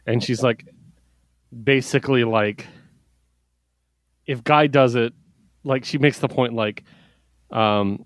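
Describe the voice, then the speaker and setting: Brief: male podcast co-host, mid-pitched, animated and profane comics recap, dry close mic. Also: slow pace, long pauses, no room sound. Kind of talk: casual comic book review chat.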